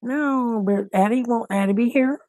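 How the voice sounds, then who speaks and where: A woman's voice: a little high, normal speed, dark tone, no room sound, poor audio. A middle-aged woman hosting a casual live-stream chat from home, talking in an anxious, rambling way and repeating herself. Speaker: host.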